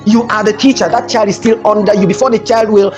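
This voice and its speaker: Brief: brisk male teacher trainer, emphatic, repeats points, clear music behind. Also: high-pitched, fairly even intonation. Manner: emphatic, repeats phrases, tells classroom stories. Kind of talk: workshop lecture.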